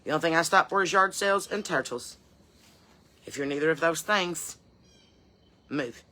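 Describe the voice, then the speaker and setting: A woman playing a sassy, bright-voiced porch mom. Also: low voice, moderate pace. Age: middle-aged. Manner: rambling, sassy, folksy ranting. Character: sassy chain-smoking Southern mom on her porch. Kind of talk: comedy character monologue.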